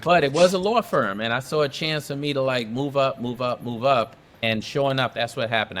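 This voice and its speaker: A middle-aged man from New York speaks in a fairly low voice, recounting his career to a podcast host. He builds his points by repeating phrases and leaning on them. The talk is loose and conversational, with a faint hum of ambience behind him. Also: a bit bright. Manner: emphatic, repeats phrases for effect. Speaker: podcast guest, advocate. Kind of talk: casual storytelling interview.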